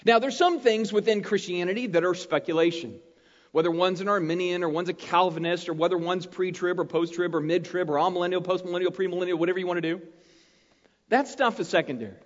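A man preaching a sermon as pastor, talking in an animated, conversational way and checking in with his listeners often. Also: high-pitched, quick pace. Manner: conversational, animated preaching with frequent "right?" tags. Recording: muffled, long hall reverb.

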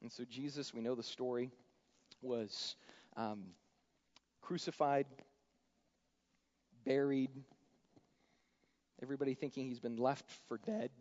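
A man preaching a sermon, animated, acting out scripture characters in shifting voices. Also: medium pitch, slow, pauses often. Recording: dull sound with long hall reverb.

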